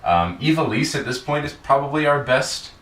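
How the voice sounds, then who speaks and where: On his podcast, a man recaps a wrestling show in a casual, meandering style full of filler words and profanity. His mid-range voice is animated and a bit bright, at a moderate pace, captured by a distant mic in an echoey room.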